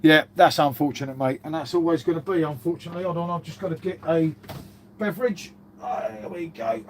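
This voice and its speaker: A man's voice: a little high, a little fast, a little hiss or hum. A man in his fifties hosting a casual live stream, rambling through stories, swearing freely and calling everyone mate. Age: 50s.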